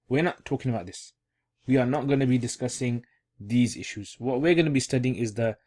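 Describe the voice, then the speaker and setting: A man's voice: medium pitch, a little mellow. A man teaching an online Arabic grammar lesson in a casual, repetitive way, restating each key term as he explains it. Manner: casual, repeats key terms, thinks aloud while explaining.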